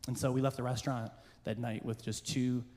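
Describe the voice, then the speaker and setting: Brief: male preacher, mid-pitched, spins a comic self-mocking story in church, echoing hall with light hiss. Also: level tone, brisk. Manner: comic, self-deprecating storyteller who shifts into hushed earnest passages. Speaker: church speaker. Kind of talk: humorous sermon storytelling. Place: church hall with a live audience. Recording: roomy hall reverb with faint background noise.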